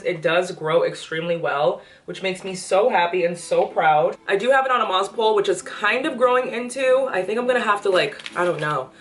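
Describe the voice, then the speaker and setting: Fairly low in pitch and a little bright, this woman's voice belongs to a young pregnant plant vlogger. She gives an enthusiastic, casual update on her plants indoors in her apartment, a bit out of breath. Echo fills the room, she sounds far off, and quiet music plays.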